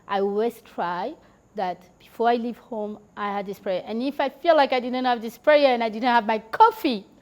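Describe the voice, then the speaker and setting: A woman's voice: fairly high pitch, normal speed. A woman guest on a podcast, chatting casually and telling stories, with lots of "like" and "you know" and the odd laugh. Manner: chatty, heavy use of filler "like" and "you know". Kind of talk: casual conversational storytelling.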